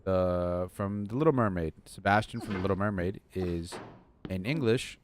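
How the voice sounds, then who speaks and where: A young man with a slightly low voice who rambles on and pokes fun at himself while he streams. He chats to his viewers from his desk at home, with a faint hum of noise behind him. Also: normal speed. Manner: rambling, self-deprecating, talks to chat. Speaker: game streamer. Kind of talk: rambling live-stream chat.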